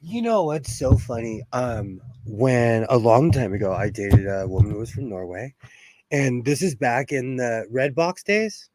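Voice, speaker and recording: A man from California hosting a sewing livestream, telling stories in a playful, animated way with plenty of laughter. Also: medium pitch, a little slow, no echo. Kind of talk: casual chat.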